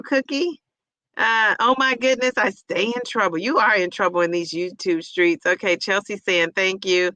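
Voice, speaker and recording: A chatty woman hosts a livestream from home, reading viewer comments aloud and repeating them back. Her voice is bright and forward. The sound is dry and close, with no room echo. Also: mid-range voice. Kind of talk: casual livestream chat.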